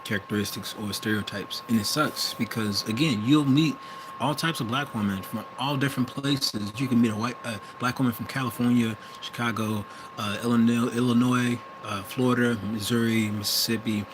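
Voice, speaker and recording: Young man, Wisconsin accent, hesitant rambling talk, mid pitch, vehicle noise behind. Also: fairly even intonation, fairly quick. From US Midwest. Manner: rambling and hesitant, full of restarts and self-corrections. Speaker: vlogger. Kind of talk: casual monologue.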